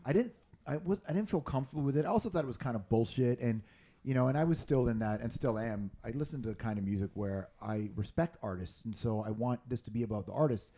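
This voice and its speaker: A man's voice: mid-range voice, quick pace, warm tone. A man from Canada, a journalist and radio host, chatting candidly and casually, swearing now and then. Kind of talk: casual podcast chat.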